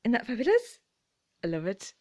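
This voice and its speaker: A woman's voice: fairly high pitch, huge pitch swings, a little fast, a little mellow. Giggly, rambling British woman vlogger. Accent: British English. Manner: chatty, giggly, rambling, trails off mid-thought. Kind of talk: casual chat.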